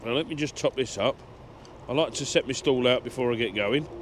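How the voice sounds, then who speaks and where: Rambling, self-deprecating lorry driver. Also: male voice, mid-range voice, fairly quick, a little hiss or hum. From England. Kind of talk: casual vlog chat, reading comments. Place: truck cab.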